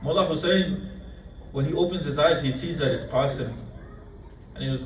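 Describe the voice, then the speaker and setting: A man's voice: on the high side, normal speed, long pauses, slight background noise. A man delivering a mourning sermon to a congregation, addressing brothers and sisters and retelling a story in quoted speech. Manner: addresses the congregation, voices quoted figures in the telling. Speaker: speaker at a mourning gathering. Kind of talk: mourning sermon with chanted salutations. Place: mosque hall. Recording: echoey hall, voice from a distant mic.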